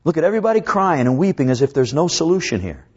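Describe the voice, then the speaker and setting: A man with a fairly high voice preaches a sermon, slowing down to draw out scripture and swinging from urgent peaks to hushed lows. The recording is dull and lo-fi. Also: big pitch swings, breathy edge. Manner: preaching with dramatic rises and drops; slows down to draw out scripture quotes.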